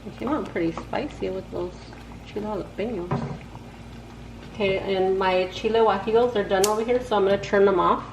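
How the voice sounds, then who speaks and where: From her home kitchen, a woman hosts a casual cooking vlog, addressing viewers directly in chatty, slangy talk. Her mid-range voice is creaky and brisk, with fairly even intonation. The room is echoey, with background noise.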